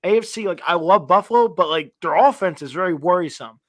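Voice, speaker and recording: A young man co-hosting a sports podcast, ranting in an animated way with a voice that climbs higher when he gets fired up. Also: fairly quick, dry recording. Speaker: podcast co-host. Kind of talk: casual sports chat.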